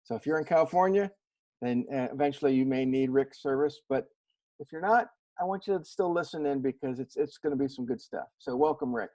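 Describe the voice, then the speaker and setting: A man's voice: medium pitch, a little fast, warm tone, dull audio. A man hosting an interview show, introducing his guest in a friendly, upbeat way and asking questions. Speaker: podcast host.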